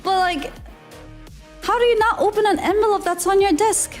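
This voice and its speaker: A woman streamer telling a story casually, animated and giggly, acting out the people in it. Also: extremely high pitch, normal speed, soft background music.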